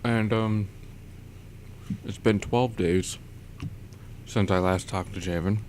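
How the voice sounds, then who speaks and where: Young male vlogger, deep voice, loose chatty storytelling, faint background hiss. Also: steady tone, takes it slowly, a little mellow. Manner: rambling, chuckles often, many fillers. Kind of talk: casual storytelling.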